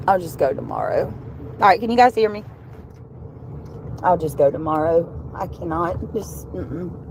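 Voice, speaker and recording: A woman's voice: fairly low pitch, lively intonation, moderate pace, noisy background. A woman from the American South chatting with viewers on a livestream while riding in a car, rambling and easily sidetracked. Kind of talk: casual livestream chat.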